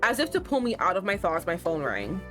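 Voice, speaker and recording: A woman's voice: lowish voice, wildly swooping pitch, brisk, music in the background. A young woman streaming a game, chatting casually, swearing freely and reading the story text aloud. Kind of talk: casual gameplay commentary.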